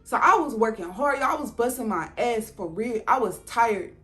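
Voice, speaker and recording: Woman, high voice, casual storytime, swearing, talks straight to viewers, faint music behind. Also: normal speed. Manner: profane, animated, addresses viewers directly. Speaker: vlogger telling a story.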